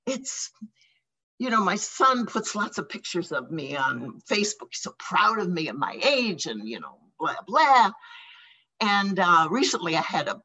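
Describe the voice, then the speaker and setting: An older American woman tells her own recovery story to a meeting, her talk halting and emotional, broken by small laughs and sighs. Her voice is bright and somewhat husky, and it rises and falls widely as she speaks. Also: lowish voice, sing-song, poor audio. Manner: emotional, halting, laughing and sighing between thoughts. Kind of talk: personal testimony.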